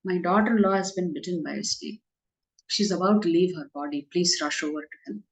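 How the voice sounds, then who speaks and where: A woman's voice: on the low side, brisk, close to an everyday voice. A woman voicing a stern older mother-in-law in a told story, urgent and insistent, in an echoey room.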